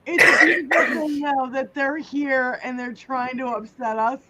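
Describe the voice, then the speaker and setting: Drunk, high-voiced woman cursing at trolls. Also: little pitch movement, normal speed, heavy background noise. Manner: profane, hurling insults at trolls. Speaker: livestream co-host. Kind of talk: casual livestream chat.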